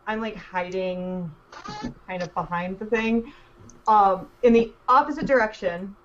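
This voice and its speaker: A woman playing a tabletop role-playing game, describing her actions hesitantly with many pauses and ums. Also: medium pitch, dull audio. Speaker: player. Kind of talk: casual tabletop play.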